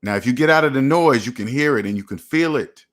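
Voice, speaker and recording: A man's voice: mid-range voice, lively intonation, quick pace. Preachy man. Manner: preachy, repetitive, emphatic, addresses viewers as "you guys". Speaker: personal finance channel host. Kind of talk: motivational livestream talk.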